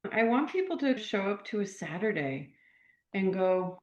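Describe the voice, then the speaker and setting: A woman's voice: mid-range voice, big pitch swings, normal speed. An older woman author, a podcast guest, talking about her work in an earnest, reflective way. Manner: reflective, earnest, warm enthusiasm. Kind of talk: podcast interview. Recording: echoey, dull remote audio.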